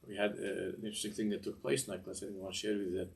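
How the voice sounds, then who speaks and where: A man's voice: fairly low pitch, flat delivery, very fast, gravelly, slight background noise. An older man teaching a Torah class in a discursive way, often repeating words and mixing in Hebrew phrases.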